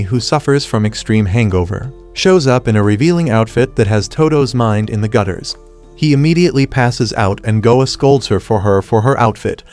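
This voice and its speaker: A man reading a scripted anime recap as narrator, in a steady, rapid retelling. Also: medium pitch.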